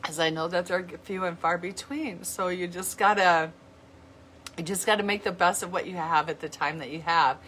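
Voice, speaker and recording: A middle-aged woman talking to her viewers in an earnest, heartfelt way, often halting and restarting her sentences. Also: fairly low pitch, steady tone, a bit bright, a little hiss or hum. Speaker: vlogger. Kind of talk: heartfelt casual talk to viewers.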